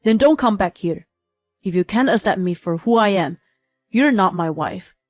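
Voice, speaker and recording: Woman voicing a condescending husband, arrogant, selfish, storybook reading, middle pitch. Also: lively intonation, moderate pace, darkish tone, no echo, soft background music, close to an everyday voice. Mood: angry. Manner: condescending, dismissive.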